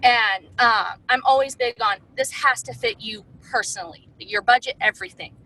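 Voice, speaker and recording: A woman's voice: on the high side, normal speed, pushed and bright, poor audio. A woman talking casually about her sales methods, chatty and full of "like" and "um". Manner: chatty, heavy use of "like" and "um". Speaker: direct sales distributor. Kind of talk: casual sales-tips talk.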